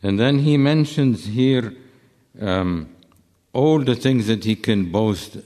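A man speaking at a Bible study, measured and deliberate, citing verses carefully, in a church hall. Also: medium pitch, mellow. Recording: long reverb of a large hall.

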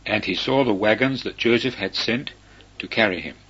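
A man reading scripture aloud in a slow, solemn, measured way, pausing between phrases. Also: lowish voice, fairly bright tone, a little hiss or hum. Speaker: scripture reader. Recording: dull lo-fi recording.

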